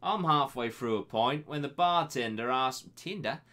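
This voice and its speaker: Young male host, casual and sweary, sarcastic banter, average pitch. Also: moderate pace, pushed and bright. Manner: banter-heavy, sarcastic asides to the sender. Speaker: web show host reading listener emails. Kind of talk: casual swearing storytelling and email reading.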